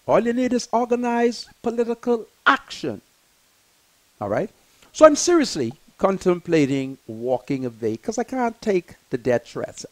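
An older man, hosting a talk show in an impassioned, emphatic monologue that swings between loud and soft. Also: sits high, rough recording.

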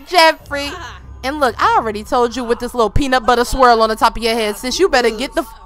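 A young woman hosting a gaming video, giving loud, playful trash-talk commentary full of slang. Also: high-pitched, fast, soft background music. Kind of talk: let's play commentary.

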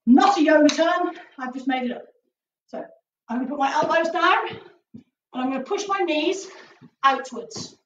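A woman's voice: sits high, moderate pace, long pauses. A woman martial arts instructor leading a live online stretching class, chatty and upbeat with jokey asides. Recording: distant, roomy, dull with faint noise.

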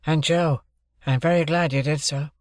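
A man voicing an eager young gentleman-to-be. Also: fairly high pitch, fairly even intonation, moderate pace, no room sound, clean studio sound, natural voice. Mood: earnest. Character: earnest young man newly come into fortune.

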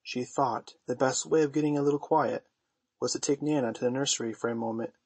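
A man narrating a classic children's story in a measured, gently expressive audiobook style. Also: medium pitch, slightly rough, no room sound.

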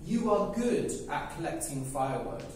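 A man's voice: fairly high pitch, lively intonation, normal speed, a little hiss or hum, natural voice. A man voicing a small mouse and a sausage together in a storybook tale, coaxing and pleading. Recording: echoey room, mic at a distance.

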